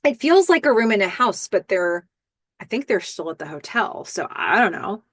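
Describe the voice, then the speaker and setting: A woman hosting a podcast, casually recapping a TV episode scene by scene with lots of fillers and excited asides. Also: mid-range voice, normal speed, dry recording. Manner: chatty, lots of fillers and "I don't know", excited outbursts.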